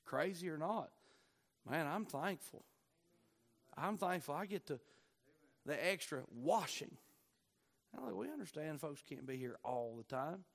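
A pastor preaching a Wednesday night sermon, building from quiet asides to impassioned, near-shouted peaks. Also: male voice, fairly high pitch, animated, measured pace, creaky, long pauses.

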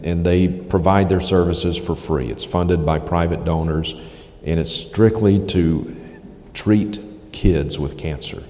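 Man, preacher, dark mellow tone, emphatic repetition, long hall reverb. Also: low voice. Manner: emphatic, repeats for stress. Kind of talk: critical sermon commentary.

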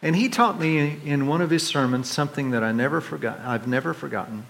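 A man preaching a sermon, swinging between loud, high complaints and quiet, low reflection as he voices the psalmist. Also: a little fast, gravelly. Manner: dramatic swings in pitch and volume, voicing the psalmist's complaints. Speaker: pastor.

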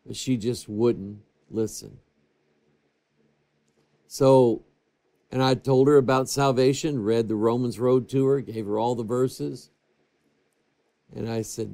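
A man pastor preaching a sermon for a TV broadcast, telling stories and moving between hushed and raised passages. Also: mid-range voice, slow pace, creaky, pauses often. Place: church TV broadcast.

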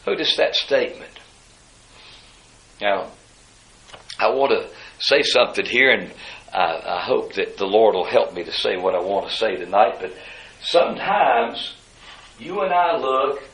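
A man preaching a sermon, moving between hushed asides and loud, high-pitched emphasis. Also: very animated, unhurried, pauses often, reverberant, low-quality recording. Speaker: pastor.

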